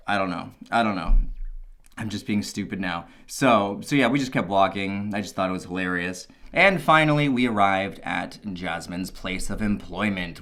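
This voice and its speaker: A man casually telling a personal story, animated, swearing freely and laughing at his own asides. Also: medium pitch.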